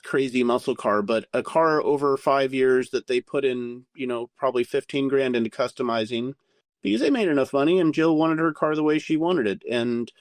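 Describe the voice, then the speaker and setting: A man telling a candid story as a podcast guest, animated and full of swearing. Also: mid-range voice, normal speed, no room sound, studio quality. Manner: profane, animated anecdote-telling.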